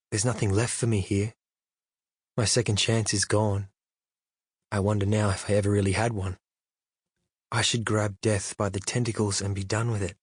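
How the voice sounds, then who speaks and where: A man reading a literary novel aloud in the first person, reflective and measured, at a close studio microphone. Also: fairly low pitch, breathy edge, no room sound. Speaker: audiobook narrator.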